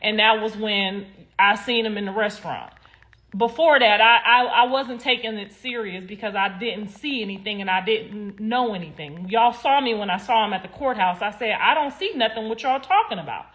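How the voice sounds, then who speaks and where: A young woman speaks in casual livestream commentary, addressing her viewers directly. She is blunt and sassy, swears freely, and rambles with heavy emphasis at a middling pitch. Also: moderate pace, a bit bright. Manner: sassy, talks straight to viewers. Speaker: livestream host.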